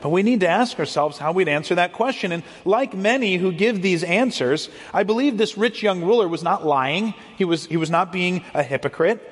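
A man's voice: sits high, lively intonation, moderate pace, few pauses. A man preaching a sermon as a pastor, explaining earnestly and often repeating words as he goes. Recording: long hall reverb.

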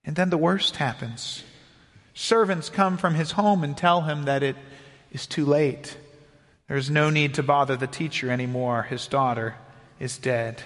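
High-voiced preacher in a reverberant hall. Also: male voice, a bit bright. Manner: earnest, measured preaching with slow emphatic pauses. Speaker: pastor. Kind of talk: sermon.

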